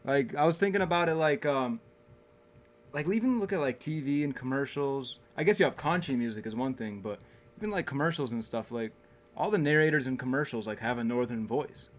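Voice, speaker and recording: A man's voice: mid-range voice, fairly quick. A young man from Connecticut co-hosting a casual chat, rambling with many fillers and laughing easily. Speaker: podcast co-host.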